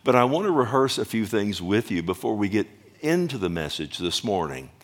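A middle-aged man preaching a sermon as a pastor, talking loosely with restarts, often checking with the congregation, and building up louder and higher as he goes. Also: big pitch swings, fairly quick. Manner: rambling, repeats himself, asks the congregation "amen?".

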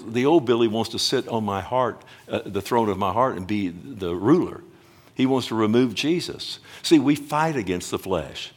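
Emphatic preacher man, loud then hushed. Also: mid-range voice. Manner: emphatic, swings between loud and hushed, addresses the congregation directly; slows down to stress words. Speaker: pastor. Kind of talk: sermon.

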